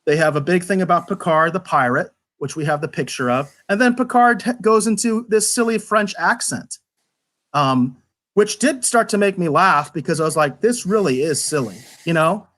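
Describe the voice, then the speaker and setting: A man talking through an episode review in a loose, rambling way, often catching on repeated words before pressing on. His voice sits a little high for a man, and his critique is animated and exasperated. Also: normal speed. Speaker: podcast reviewer. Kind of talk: casual review chat.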